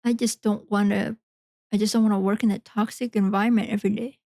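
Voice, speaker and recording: A woman's voice: medium pitch, flat delivery, quick pace, gravelly, dark tone, no room sound. A woman hosting a podcast, talking frankly in a rambling, casual monologue full of fillers. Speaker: podcast host.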